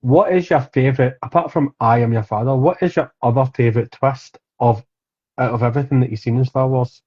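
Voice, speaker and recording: A man's voice: medium pitch, fairly quick, husky. A man co-hosting a podcast, chatting casually, asking questions and swearing. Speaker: podcast co-host. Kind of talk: casual chat. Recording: dull lo-fi sound.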